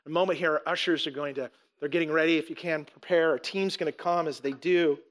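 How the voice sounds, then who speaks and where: High, bright-voiced pastor in his forties. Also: steady tone. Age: 40s. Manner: earnest, repeats and restarts phrases, slows down for emphasis. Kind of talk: sermon. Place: church sanctuary with rows of seats.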